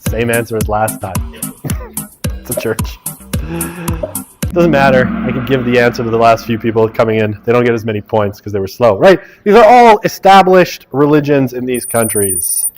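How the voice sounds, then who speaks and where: A man's voice: mid-range voice, normal speed, a little mellow, faint music behind. A man teaching a university sociology class, reading quiz questions aloud and joking with his students. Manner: joking asides, teasing students. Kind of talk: lecture running a class quiz. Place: lecture classroom.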